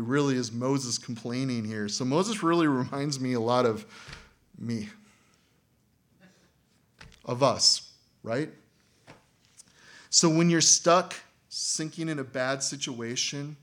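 A man pastor preaching a sermon in a conversational way, chuckling often and acting out quoted voices loudly. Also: medium pitch.

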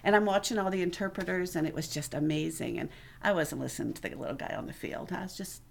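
At a church service, a middle-aged woman gives her personal testimony to the congregation in an earnest, conversational way, acting out the voices of people she quotes. Her voice is a little low for a woman, creaky, and fast, with a slight hiss or hum on the recording.

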